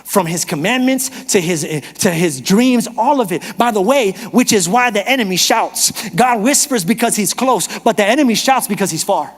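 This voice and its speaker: Animated high-voiced pastor preaching. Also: male voice, normal speed, few pauses. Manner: animated, humorous storytelling, shifts from shouting to whispering. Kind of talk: sermon. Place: church auditorium. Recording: reverberant church hall.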